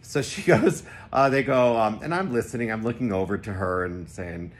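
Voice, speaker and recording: A man casually telling a personal anecdote to the camera, animated and jumping into high voices when he quotes people. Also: normal speed. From Connecticut. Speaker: vlogger telling a personal story.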